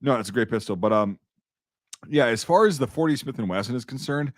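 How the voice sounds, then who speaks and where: A man's voice: mid-range voice, animated, brisk, dry recording, clean studio sound. A man in casual chat as a podcast host, rambling and profane, with many restarts and fillers.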